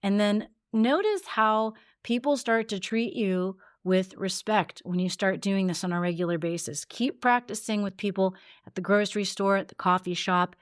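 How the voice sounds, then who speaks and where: A woman voice coach leading a guided voice exercise with calm, measured instructions. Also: medium pitch, clear, resonant tone, no echo, studio quality. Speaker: voice coach and podcast host.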